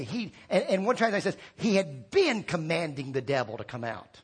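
A man preaching a sermon as pastor, rallying the congregation with call-and-response prompts and swinging between shouted peaks and quiet drops. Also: high-pitched, expressive, fairly quick, hardly any pauses, husky.

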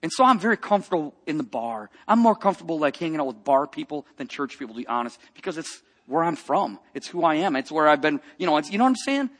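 A man preaching a personal testimony, telling a story with lively acted-out quotes and dropping to a hush for tender moments. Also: on the high side, fast, hardly any pauses. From grew up in a rough biker family.

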